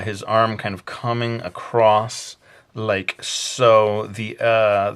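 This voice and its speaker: A man's voice: on the low side, a bit bright. A man narrating a casual drawing tutorial, chatty and self-mocking, rambling with many fillers. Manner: chatty and self-mocking, jokingly putting on a bad accent. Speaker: drawing instructor.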